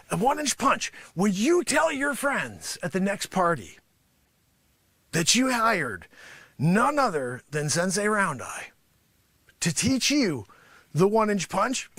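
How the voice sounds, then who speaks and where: A man's voice: very high voice, creaky, pushed and bright, breathy edge, no echo, exaggerated voice. A man voicing a boastful, greedy male karate sensei in an improvised comic bit, scolding and bragging at his students. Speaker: livestream musician host.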